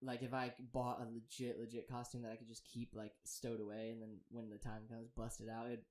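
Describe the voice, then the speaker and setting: A man's voice: medium pitch, monotone, brisk, darkish tone. A man co-hosting a podcast, talking in a laid-back, slangy way with lots of fillers. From Florida. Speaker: podcast co-host. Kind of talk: casual chat.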